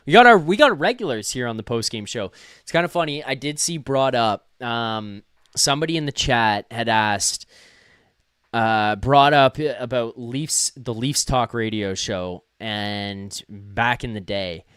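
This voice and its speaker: A man's voice: medium pitch, measured pace, fairly bright tone, clean tone, dry recording, studio quality. A young man hosting a live hockey call-in stream, talking casually and rambling with fillers and self-deprecating asides. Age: young adult. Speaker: host of a hockey postgame call-in show.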